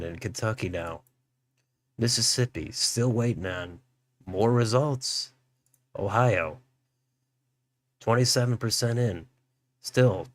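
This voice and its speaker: A man hosting a political livestream, musing aloud as he reads out election results. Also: on the low side. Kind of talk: live election results commentary.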